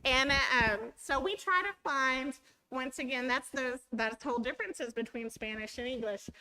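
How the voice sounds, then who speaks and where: A woman's voice: high voice, moderate pace, pushed and bright, poor audio. A woman teacher giving a chatty training talk, often acting out her students' voices.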